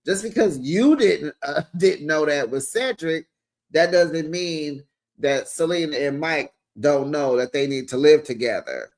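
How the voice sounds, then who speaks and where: A man hosting a casual reality TV recap, sassy and animated, talking straight to his viewers. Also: a little high, measured pace.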